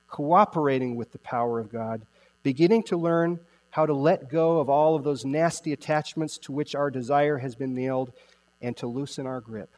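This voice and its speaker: A male pastor preaching a sermon, emphatic, repeating key phrases and slowing down to stress them. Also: mid-range voice, darkish tone, long reverb tail.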